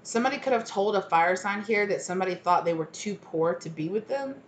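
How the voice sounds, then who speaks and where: A woman's voice: mid-range voice, lively intonation, a little fast, slight background noise. A woman giving a casual tarot reading, naming cards and thinking aloud with many fillers. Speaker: tarot reader.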